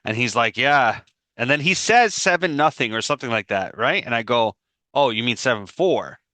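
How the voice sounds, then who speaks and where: A man with a bright, forceful voice chats on a podcast, rambling through an anecdote and breaking into laughter. He sounds close and dry over his video-call mic, with no room sound around him. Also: medium pitch, animated, dry recording. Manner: rambling storytelling, quick to laugh. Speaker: podcast co-host. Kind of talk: casual podcast chat.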